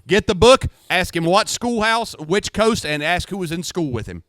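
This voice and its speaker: Middle-aged guy, high bright voice, swears a lot telling war stories, dry close sound. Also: normal speed, dry recording. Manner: profane, animated, acts out shouting. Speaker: podcast co-host, retired Marine gunner. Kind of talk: casual storytelling chat.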